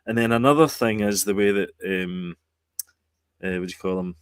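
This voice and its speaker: A man co-hosting a podcast, hesitant and halting as he talks about TV shows. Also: deep voice, clean tone, dry recording. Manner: hesitant, fills with ums and restarts. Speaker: podcast co-host. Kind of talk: casual chat.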